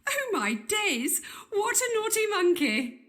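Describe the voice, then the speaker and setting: A woman's voice: high-pitched, sing-song, moderate pace. An actress playing a fussy, gossipy Elizabethan noblewoman with prim, breathless old-fashioned speech. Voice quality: prim, breathless period diction. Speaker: patient. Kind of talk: period game voice acting.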